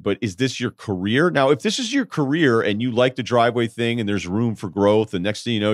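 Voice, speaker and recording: A man's voice: lowish voice, no echo, studio quality. A man hosting a podcast, giving candid, rambling advice in casual chat, swearing now and then and acting out quoted people in his stories. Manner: acts out quoted voices in anecdotes. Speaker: podcast host.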